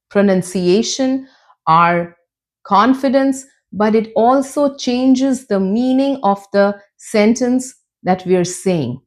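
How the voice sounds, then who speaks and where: A woman teaching an English lesson, explaining slowly and demonstrating sentences with exaggerated rises and falls in pitch. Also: a little mellow. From Canada. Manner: slow, deliberate explaining. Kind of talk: scripted lesson.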